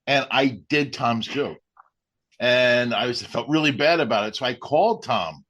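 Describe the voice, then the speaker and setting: A stand-up comedian with an ordinary mid-pitched voice tells his stories sheepishly. He speaks in a confessional, casual way. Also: unhurried, a bit bright. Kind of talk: casual anecdote chat.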